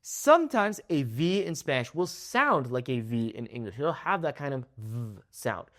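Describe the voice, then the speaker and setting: Lively young male Spanish teacher. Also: mid-range voice, normal speed. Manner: animated, frequent "okay?" check-ins. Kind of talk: pronunciation lesson.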